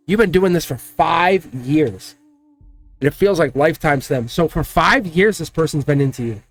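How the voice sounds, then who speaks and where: A man giving a casual, rambling tarot reading, talking excitedly and directly to the viewer. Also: fairly high pitch. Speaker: tarot card reader.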